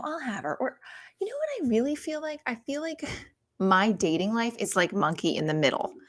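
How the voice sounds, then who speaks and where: A woman in her thirties doing casual, profane stand-up on a livestream, rambling with many fillers and often talking quietly. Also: mid-range voice. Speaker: stand-up comedian.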